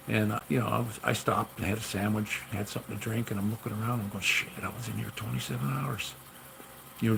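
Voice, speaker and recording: A man's voice: on the low side, gravelly, background noise. A man casually telling long stories about his gunsmith work, rambling and repeating himself with lots of "you know". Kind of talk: casual storytelling.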